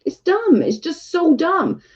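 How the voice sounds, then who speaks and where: A woman's voice: extremely high pitch, very animated, slow pace, a little hiss or hum. A woman hosting a casual livestream, ranting in exasperation and saying "like" a lot. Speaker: livestream host. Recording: dull lo-fi stream audio.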